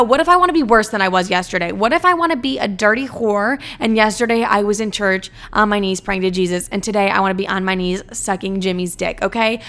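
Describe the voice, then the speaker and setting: A woman's voice: mid-range voice, a bit bright. A young woman in her twenties, answering fan questions in a blunt, profane, ranting chat full of "like". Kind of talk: casual chat.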